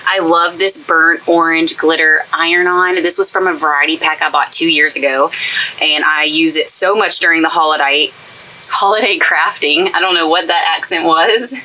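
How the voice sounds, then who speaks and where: Bright, chatty woman. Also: deep voice, fairly even intonation, moderate pace, low-quality recording. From East Texas. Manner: chatty, gushing and enthusiastic. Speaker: craft channel host. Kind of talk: casual craft tutorial chat. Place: craft space in a camper trailer.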